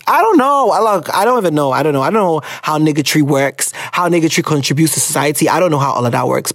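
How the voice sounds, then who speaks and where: A Ghanaian woman hosts an advice show in loose, profane, sarcastic chat. Her pitch swings widely as she reacts. The sound is dry and close, with no room around it. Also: slightly rough, no room sound. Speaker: advice podcast host reading listener letters. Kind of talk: casual chat.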